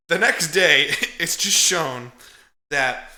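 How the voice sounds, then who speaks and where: A man's voice: fairly high pitch, big pitch swings, takes it slowly, pushed and bright, roomy sound. A man casually recapping a film as a podcast co-host, swearing freely and laughing as he tells it. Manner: profane, chuckling storyteller.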